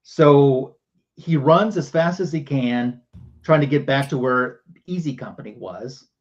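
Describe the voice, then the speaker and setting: A man at a middle pitch talks through a comic book story for his livestream audience. He speaks loosely and conversationally, with many ums and uhs. The audio sounds a little dull and lo-fi. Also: unhurried. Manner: casual storytelling with many fillers. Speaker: show host.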